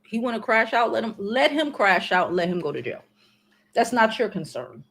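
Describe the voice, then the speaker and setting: A woman in her forties hosts a casual livestream chat, talking straight to her viewers with blunt, slang-heavy advice and the odd curse. Her voice sits a little higher than most women's. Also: animated, normal speed, a bit bright. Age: 40s. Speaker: livestream host.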